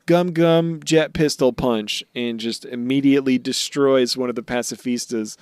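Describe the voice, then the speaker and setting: A man's voice: medium pitch, steady tone, normal speed, clean tone, no room sound. A man co-hosting a podcast, casually recapping anime episodes with lots of fillers and goofy voiced asides, on a close mic. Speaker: podcast co-host.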